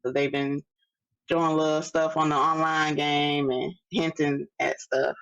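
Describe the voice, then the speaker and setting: A woman, co-hosting a casual podcast chat, halting and full of fillers. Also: sits low, no echo. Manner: relaxed, halting, lots of fillers. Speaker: podcast co-host. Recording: dull lo-fi sound.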